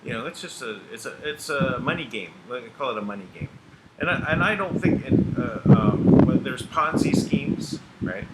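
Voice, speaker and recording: A male host at a medium pitch talks in a halting, hesitant way, pausing on fillers as he works out his point. A loud steady hum of air conditioning and noise sits under his voice. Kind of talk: casual chat.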